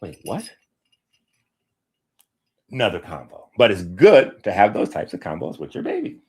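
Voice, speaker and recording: Casting: low-voiced man, emphatic streaming host, lectures casually and insistently. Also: huge pitch swings, normal speed, breathy edge. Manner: emphatic, lecturing, conversational asides. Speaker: holistic health streamer.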